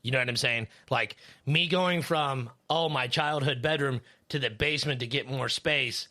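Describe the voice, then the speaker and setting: Man, podcast co-host, casual chat, rambling, heavy swearing, bright tense tone. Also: medium pitch, moderate pace. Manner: rambling, swears a lot, many fillers. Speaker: third shift worker.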